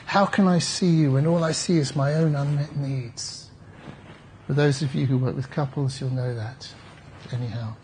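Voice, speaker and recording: A male therapist speaks to a conference audience at an ordinary pitch, reflective and conversational. He drops wry asides to the room as he goes. Faint background noise sits under the recording. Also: steady tone, normal speed, darkish tone. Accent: British English. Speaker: therapist giving a conference talk. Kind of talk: conference talk.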